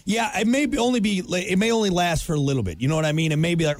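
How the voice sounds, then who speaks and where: A man's voice: high voice, racing, no room sound. A man co-hosting a morning radio show, joking around and now and then breaking into song. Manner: joking, playful, breaks into singing. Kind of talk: casual radio banter. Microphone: studio mic.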